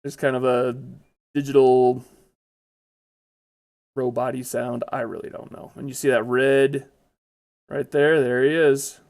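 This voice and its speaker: A man's voice: medium pitch, little pitch movement, a little slow, pauses often, a little mellow. A man giving casual, chatty commentary over his own gameplay, blurting out exclamations when startled.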